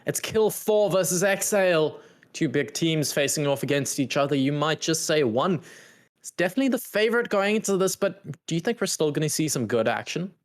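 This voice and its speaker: A man's voice: on the high side, animated, a little fast. Upbeat male esports desk host. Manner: upbeat, playful banter with co-host. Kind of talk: pre-match analysis desk chat.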